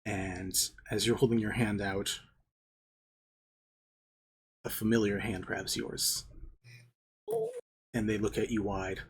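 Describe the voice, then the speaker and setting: A game master narrating a tabletop role-playing scene in a slow, deliberate way. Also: low voice, level tone, husky.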